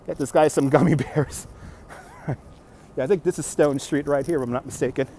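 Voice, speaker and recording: High-voiced man thanking stream viewers. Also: fairly quick, dark tone, slight background noise. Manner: upbeat, reads out and thanks viewer donations. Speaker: livestream walking tour host. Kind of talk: casual livestream chat while walking. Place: outdoors on city streets at night. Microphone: phone on a handheld gimbal.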